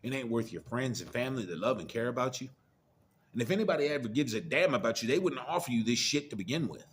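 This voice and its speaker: A man's voice: medium pitch, expressive, quick pace. A middle-aged man giving a profane, preachy monologue of blunt warnings in casual rant style. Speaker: commentator.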